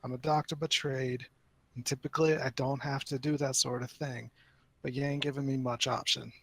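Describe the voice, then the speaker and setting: A weary, exasperated frontier doctor, gravelly and rough-edged, as a man plays him. He speaks in a mid-pitched voice. He is a figure in a tabletop role-playing game. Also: level tone, moderate pace, fairly bright tone, dry recording.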